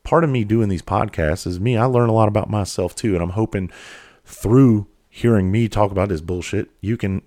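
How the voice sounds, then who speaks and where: A middle-aged man speaks in a lowish voice, blunt and emphatic, peppering a confessional podcast monologue with curses. The sound is dry and close, with no room around it. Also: normal speed, a little mellow, no room sound. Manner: blunt, heavily profane, emphatic. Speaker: podcast host.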